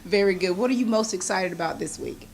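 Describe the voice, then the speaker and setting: A woman's voice: mid-range voice, quick pace, darkish tone, slight background noise. A chatty woman hosting a local TV interview, laughing often. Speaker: host.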